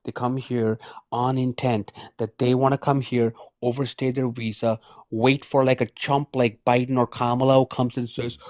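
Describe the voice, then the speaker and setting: A man's voice: medium pitch, flat delivery, moderate pace, a little mellow, no echo. Male caller, combative and insistent, on a dry, dull-sounding line. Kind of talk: heated political call-in argument.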